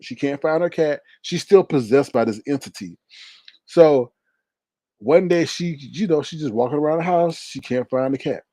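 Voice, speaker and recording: A man hosting a casual livestream, retelling a story with lots of laughter and acting out the scenes in high voices. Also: moderate pace, mellow, no room sound. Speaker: livestream host reading viewer comments.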